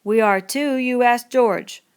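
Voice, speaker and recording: A woman's voice: medium pitch, lively intonation, moderate pace, natural voice. Woman reading as a childlike, anxious farmhand. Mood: pleading. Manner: simple, pleading, repeats himself. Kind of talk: audiobook reading.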